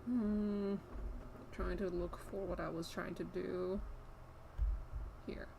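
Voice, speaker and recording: A young woman streaming live, chatting casually and rambling with lots of fillers, breaking off to scold her pet with sharp repeated commands. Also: lowish voice, steady tone, slow, vocal fry, background noise.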